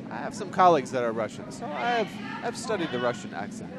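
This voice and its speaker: A man's voice: medium pitch, sing-song, fast. A man doing color commentary on a livestream, joking and wandering off on tangents. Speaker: curling commentator. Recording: crowd noise behind.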